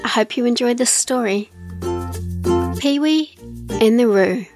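A woman reading a children's storybook aloud, gentle, expressive and unhurried. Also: fairly high pitch, music in the background. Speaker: narrator.

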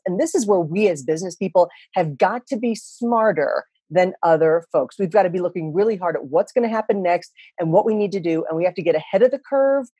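Husky-voiced woman economist, chatty. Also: lowish voice, expressive, a little fast, hardly any pauses, mellow, no echo. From USA. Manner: chatty, joking, confident explainer. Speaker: guest, economist and speaker. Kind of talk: casual podcast interview.

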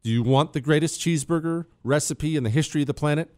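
Speaking into a studio mic with no room sound, this male radio talk show host has a fairly high, slightly mellow voice and talks at a quick pace. His boastful comedic monologue is brash and self-mocking, full of joking brags and teasing jabs at his off-mic producer.

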